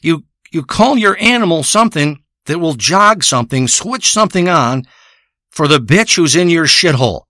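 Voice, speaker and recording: A man's voice: fairly high pitch, expressive, normal speed, pushed and bright, no echo, studio quality. A man telling a crude, profane, rambling comedic monologue. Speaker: comedic storyteller.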